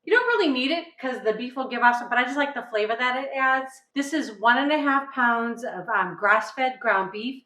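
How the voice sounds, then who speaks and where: Bright, chatty woman cooking at home. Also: on the high side, expressive, moderate pace, few pauses, reverberant, rough recording. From New England, USA. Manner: chatty, upbeat, keeps asking "right?". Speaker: cooking show host. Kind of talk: casual cooking demonstration. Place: home kitchen.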